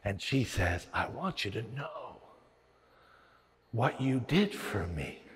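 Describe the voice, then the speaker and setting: A man's voice: mid-range voice, slow. A man preaching a sermon as pastor, telling stories and acting out the voices in his head. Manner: animated storytelling with acted-out inner voices. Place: large church hall. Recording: long reverb of a large hall.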